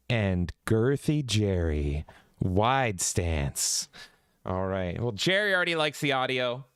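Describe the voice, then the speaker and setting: A man's voice: fairly low pitch, sing-song, takes it slowly, a bit bright, clean tone, no echo, clean studio sound. A man co-hosting a podcast in goofy, theatrical casual chat, breaking into shrieks. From Canada. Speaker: podcast co-host.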